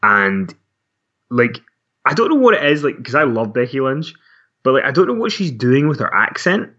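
A man's voice: medium pitch, sing-song, normal speed, bright, forceful tone, slightly rough. A man co-hosting a wrestling podcast in casual chat, rambling and self-mocking with frequent laughs. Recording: dull lo-fi sound.

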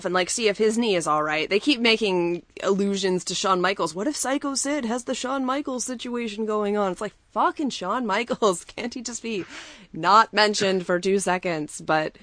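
A woman's voice: mid-range voice, normal speed, fairly bright tone, no echo. Enthusiastic woman chatting, dry sound. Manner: enthusiastic, laughs, swears casually. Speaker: podcast co-host. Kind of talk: casual chat recapping wrestling.

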